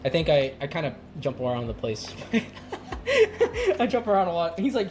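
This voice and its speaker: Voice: medium pitch, huge pitch swings, unhurried, noisy background. A streamer chatting casually while cooking on a live stream, rambling and laughing often. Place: home kitchen.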